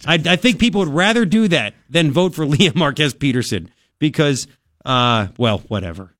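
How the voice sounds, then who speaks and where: A man's voice: a little high, normal speed. A man hosting a political talk radio show, chatting casually and mocking other people in put-on voices. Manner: animated, conversational, mocking impressions of others.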